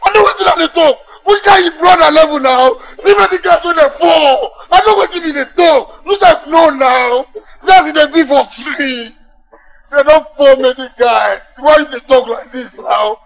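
An agitated young gang member with a Nigerian accent. He talks in Pidgin with an insistent, emotional edge, his voice high and gravelly. It is film dialogue. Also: normal speed, fairly bright tone, heavily acted, rough recording. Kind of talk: Nollywood film acting.

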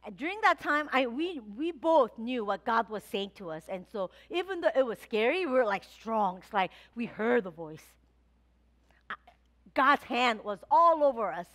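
A woman pastor delivers a sermon in a church, her voice sitting high. She tells a personal story in a lively way and acts out her own past thoughts as she goes. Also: moderate pace. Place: church sanctuary.

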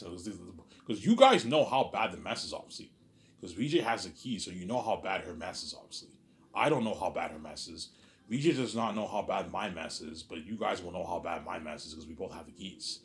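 Low-voiced man, intense rambling solo talk, repetitive, trails off quietly, faint hiss behind. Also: fairly quick. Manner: intense, swearing. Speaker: vlogger.

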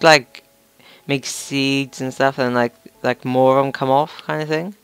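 A man's voice: medium pitch, little pitch movement, normal speed, fairly bright tone, clear, resonant tone, soft background music. A young man with a slight cough, casually chatting and swearing as he plays and talks to his viewers. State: slight cough, throat sore. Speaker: gaming channel host. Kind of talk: let's play game commentary.

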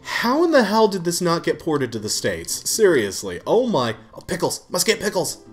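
Man, let's-play commentary, lively swooping pitch, excitable, swears, faint game music behind. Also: moderate pace. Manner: excitable, swears, frequent shouts and laughs. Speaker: gaming YouTuber.

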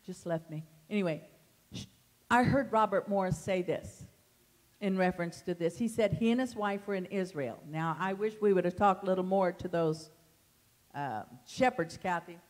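A woman leading a Bible study, reading scripture aloud in a tender, animated way. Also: on the low side. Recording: long hall reverb.

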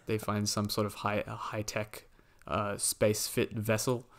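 Low, flat-voiced man recapping a movie. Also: measured pace. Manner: recaps the plot with many fillers and quoted lines. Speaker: podcast host. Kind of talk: casual movie discussion.

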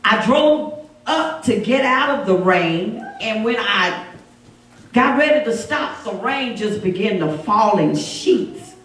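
A woman evangelist preaching a storytelling sermon, animated, moving from low narration to shouted exhortation. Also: slow. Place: church sanctuary. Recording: echoey church sound from a distance.

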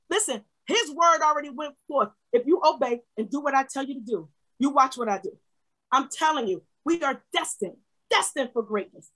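Woman pastor, high-pitched, preaching hard with shouted peaks and hushed asides. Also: rough recording. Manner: fervent preaching, swings from shouting to quiet asides. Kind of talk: sermon.

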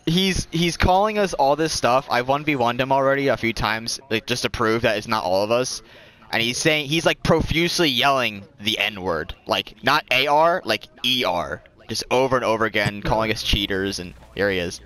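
A man's voice: medium pitch, normal speed, bright, forceful tone. A man chatting casually while playing an online game, teasing and laughing in disbelief. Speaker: gamer streamer. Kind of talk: casual gameplay chat.

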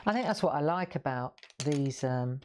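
A woman's voice: sits low, expressive, normal speed, noisy background. A woman hosting a live coloring demonstration, chatting and asking viewers questions as she works. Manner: chatty, asks viewers questions, laughs often. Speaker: craft show host.

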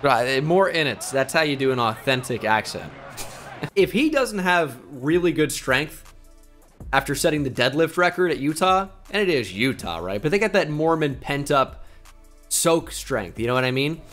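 A man giving casual, joking video game commentary, excitable and swearing freely. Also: on the high side, moderate pace, faint music behind. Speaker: gaming YouTuber.

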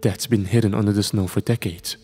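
Calm level-headed archaeologist friend, reassuring, mellow voice, voiced by a man. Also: fairly low pitch, a little fast, husky, soft background music. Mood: easygoing. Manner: easygoing, reassuring.

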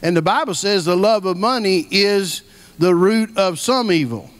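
High-voiced man preaching a folksy sermon. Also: animated, normal speed. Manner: storytelling, folksy, repeats key phrases for emphasis. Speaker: guest preacher.

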